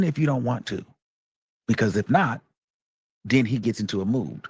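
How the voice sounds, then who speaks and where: A man's voice: medium pitch, expressive, moderate pace, pauses often, a little mellow, slightly rough, no room sound. Emphatic male commentary host. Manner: emphatic, repeats points for stress. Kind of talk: reaction commentary.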